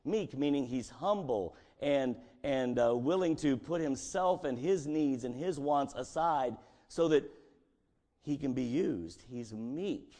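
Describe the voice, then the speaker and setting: A man's voice: medium pitch, animated, takes it slowly, warm tone. A male pastor preaching a conversational sermon and acting out scripture dialogue, in a church sanctuary.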